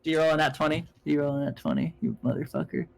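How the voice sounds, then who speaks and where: Rambling, slightly high-voiced game master. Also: male voice, sing-song, very fast, gravelly, clean tone, rough recording. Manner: rambling, full of fillers and self-corrections. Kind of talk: narrating a tabletop game on a stream.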